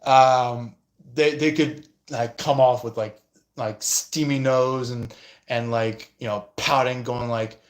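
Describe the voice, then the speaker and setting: A man's voice: mid-range voice, steady tone, slow pace. A man giving a casual astrology reading and responding to viewer comments, talking hesitantly with many fillers. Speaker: astrology and tarot reader.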